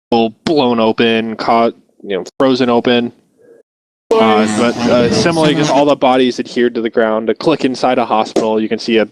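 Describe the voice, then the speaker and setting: A man's voice: mid-range voice, a little hiss or hum, rough recording. A man acting as game master, describing scenes cinematically in a loose, hesitant way with frequent restarts. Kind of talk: narrating a tabletop game.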